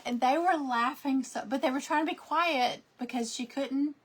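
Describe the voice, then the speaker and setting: A woman's voice: high-pitched, fairly quick, hardly any pauses. Chatty woman telling stories while crafting. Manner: rambling, chatty storytelling with fillers and restarts. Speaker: crafting vlogger. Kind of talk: casual chat while crafting.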